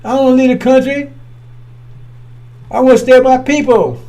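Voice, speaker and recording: Man playing a male demon, cowering, begging, panicky, high-pitched, mellow. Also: steady tone, brisk, distant mic. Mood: pleading. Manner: pleading, panicky.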